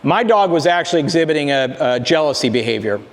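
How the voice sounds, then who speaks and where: A man working as a dog trainer, explaining calm greetings in a plainspoken way while he talks to a dog. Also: on the high side, fast, long reverb tail. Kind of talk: casual instruction to camera.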